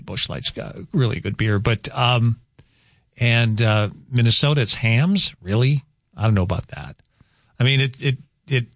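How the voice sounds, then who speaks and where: A chatty male radio host, rambling through weather and banter with animated asides. His voice sits at an ordinary middle pitch. It is recorded close and dry on a studio microphone. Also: no echo. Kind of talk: casual morning radio chat.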